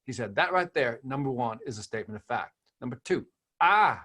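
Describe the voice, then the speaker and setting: A man guesting on an interview, talking through his approach to selling with emphatic repetition and rhetorical questions. His voice has a husky, slightly rough edge. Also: mid-range voice, expressive, fairly quick, sharp tone. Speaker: sales trainer guest. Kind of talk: interview conversation.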